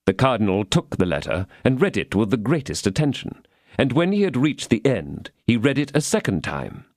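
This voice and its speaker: Expressive male audiobook narrator. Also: mid-range voice, moderate pace, no room sound, studio quality. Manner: steady, expressive classic-novel reading.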